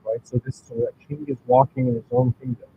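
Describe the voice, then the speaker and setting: A man's voice: mid-range voice, steady tone, fast, narrow, tinny audio, noisy background. A man telling a story in a casual explanatory talk, rambling, correcting himself and often checking in with listeners. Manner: rambling, self-correcting, keeps asking "right?". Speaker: channel host.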